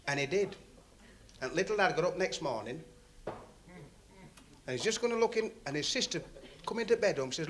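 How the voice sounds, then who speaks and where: Lively high-voiced comic. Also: male voice, moderate pace, long pauses. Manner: chatty, teasing the audience, broad dialect storytelling. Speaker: stand-up comedian. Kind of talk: club stand-up routine. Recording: old club recording with loud crowd laughter and noise.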